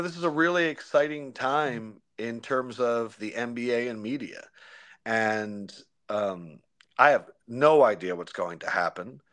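A young man, a sports broadcaster, chatting in an interview, telling stories with slang and quick impressions of colleagues. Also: fairly low pitch. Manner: animated storyteller, slangy, does quick impressions. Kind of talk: casual interview chat.

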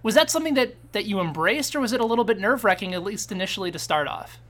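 A man's voice: high-pitched, animated, racing, fairly bright tone. A man hosting an interview, asking long, earnest, winding questions. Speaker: host. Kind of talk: interview host.

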